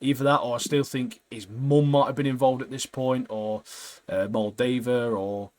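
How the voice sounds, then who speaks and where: A man chatting on a podcast, lively and easygoing as he retells an episode. His voice sits in a middle register and he often drops a friendly "mate". He laughs readily while keeping things casual. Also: medium pitch, normal speed. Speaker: podcast co-host. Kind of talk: casual chat recapping a TV episode.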